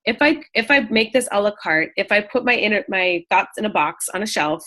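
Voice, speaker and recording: A woman's voice: mid-range voice, lively intonation, fairly quick, pushed and bright. A woman co-hosting a group coaching call, talking in an encouraging, reflective way. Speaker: co-host coach.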